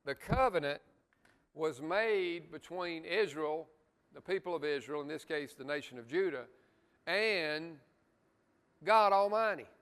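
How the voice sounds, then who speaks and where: A man's voice: fairly high pitch, a little slow, a bit bright, clear, resonant tone, big-room sound. A man teaching a Bible study lesson in a church, earnest, stressing key words and adding asides to the class.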